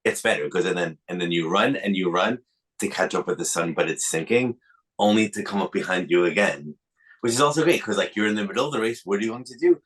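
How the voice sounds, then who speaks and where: Reflective low-voiced man musing. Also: fast talker, fairly bright tone, breathy edge, poor audio. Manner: reflective, muses aloud. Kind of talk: casual chat.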